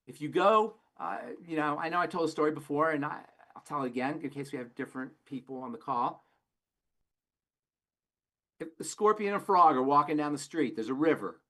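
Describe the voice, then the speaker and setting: A man's voice: a little high, lively intonation, a little fast, a bit bright. A man, a pharmacist guest on a call-in health program, speaking emphatically and preachily with frequent restarts.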